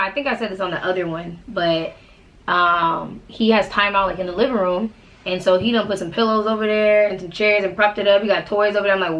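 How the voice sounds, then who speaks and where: Fast-talking mom telling stories. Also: female voice, medium pitch, poor audio. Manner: animated storytelling, self-described yeller. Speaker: podcast co-host and mother. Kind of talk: casual chat.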